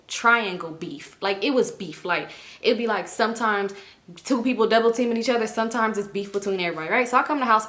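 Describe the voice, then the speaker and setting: A woman, the vlogger of her channel, telling a story to her viewers in a casual, animated way, swearing freely and often breaking into laughter. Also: mid-range voice. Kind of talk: storytime vlog.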